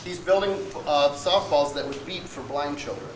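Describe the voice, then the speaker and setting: A man's voice: on the high side, normal speed. A man casually telling a funny story at a birthday gathering, laughing as he talks. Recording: echoey hall with loud crowd noise.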